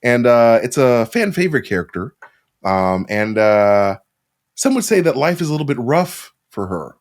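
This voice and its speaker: A man hosting a podcast in casual chat, animated and laughing often, with many fillers. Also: medium pitch, moderate pace. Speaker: podcast host.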